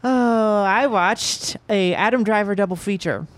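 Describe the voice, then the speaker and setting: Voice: mid-range voice, a little slow. A podcast co-host in casual chat, recapping a film in a rambling way and laughing now and then.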